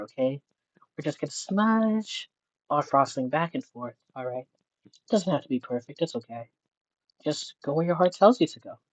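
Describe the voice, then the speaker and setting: A streamer imitating a gentle, soft-spoken male TV painting teacher who gives slow, coaxing step-by-step instructions in a hushed voice. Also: medium pitch, no echo, natural voice, rough recording.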